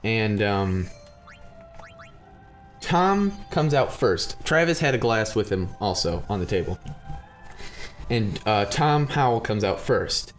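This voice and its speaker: A young man casually telling a funny story on a podcast, animated and often laughing. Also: lowish voice, slow pace, long pauses, faint music behind. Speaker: podcast host.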